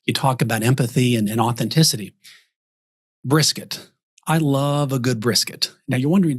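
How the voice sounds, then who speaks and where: A man with a husky, slightly breathy voice talks on a podcast. He is from Texas and coaches advisors by acting out sample conversations with clients. His pitch sits in an everyday middle range. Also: normal speed. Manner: animated storyteller acting out example dialogues. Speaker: guest author and advisor coach. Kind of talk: podcast interview talk.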